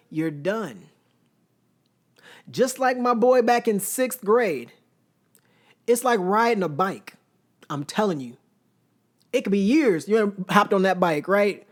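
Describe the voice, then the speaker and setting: A man in his thirties hosting a podcast, telling a personal story in an animated, conversational way and often checking in with listeners. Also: sits high, moderate pace. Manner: animated, conversational, addresses listeners directly with "right?". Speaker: podcast host. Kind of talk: storytelling monologue.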